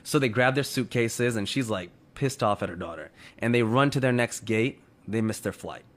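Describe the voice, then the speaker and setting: A man's voice: mid-range voice, normal speed. A man casually retelling a story to others in conversation, full of "you know" and "like".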